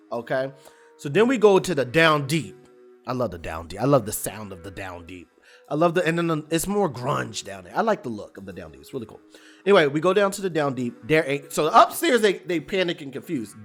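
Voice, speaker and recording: A man casually recapping a TV episode, animated and colloquial, rambling with restarts. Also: fairly high pitch.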